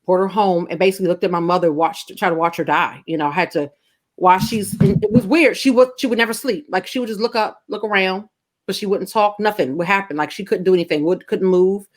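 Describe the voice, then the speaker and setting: A middle-aged woman, a guest co-host on a podcast, tells a personal story in casual chat, candid and emotional and swearing a lot. She talks fast in a medium-pitched voice.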